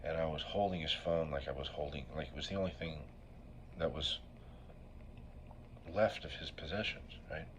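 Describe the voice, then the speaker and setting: A man's voice: a bass voice, brisk, slight background noise. A middle-aged man telling an emotional personal story as a recovery speaker. He talks in a raw, profane way, keeps asking "right?", and sounds sniffly from allergies.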